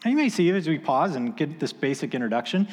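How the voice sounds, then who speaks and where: A man's voice: a little high, big pitch swings, fast, a little mellow, big-room sound. A man in his thirties preaching a sermon, telling a story in a casual, conversational way with filler words. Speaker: pastor.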